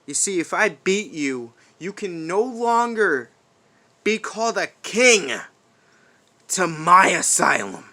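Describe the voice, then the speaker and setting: Staying in character for a wrestling promo, a man taunts his rival with profanity-laced trash talk. His voice sits high and animated, and he takes his time, moving from shouting to quiet whispers.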